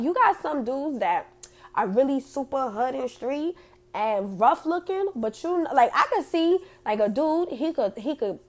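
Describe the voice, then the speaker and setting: A woman hosting a casual chat and reading out audience comments, blunt and profane, laughing often. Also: a little high.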